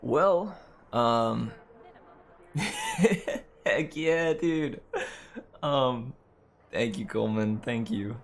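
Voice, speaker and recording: Easygoing man chatting slowly with laughs. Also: mid-range voice, huge pitch swings. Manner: rambling, laughs often, many fillers and restarts. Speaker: streamer and host. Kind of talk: casual live-stream chat.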